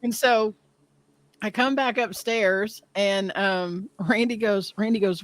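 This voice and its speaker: A woman in her fifties telling a story in casual chat, animated and self-deprecating, often laughing. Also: medium pitch, takes it slowly, no echo. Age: 50s.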